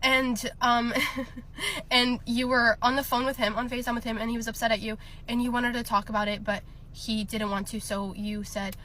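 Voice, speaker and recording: A woman's voice: fairly high pitch, flat delivery, normal speed, fairly bright tone, a little hiss or hum. A young woman telling a personal story in a casual storytime, chatty, laughing often and filling with lots of ums and likes.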